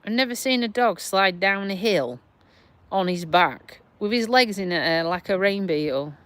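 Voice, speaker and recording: A middle-aged Lincolnshire woman with a South Yorkshire twang livestreams from her back garden, speaking with a medium-pitched, fairly bright voice and lively intonation. She talks slowly and rambles, sighing as she responds to viewers' comments, with no echo on the audio.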